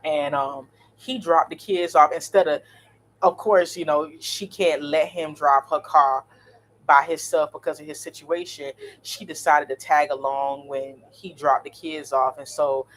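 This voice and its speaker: A woman, in her thirties, telling a story in a blunt, animated, cursing vlog style. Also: deep voice, a little slow. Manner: blunt, animated, swears freely. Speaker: vlogger.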